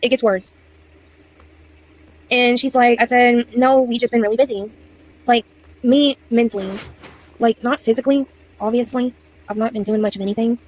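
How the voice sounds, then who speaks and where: A woman's voice: a little high, darkish tone, rough recording. A young woman telling a casual storytime at home, rambling, apologizing and losing her place. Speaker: vlogger. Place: indoors at home.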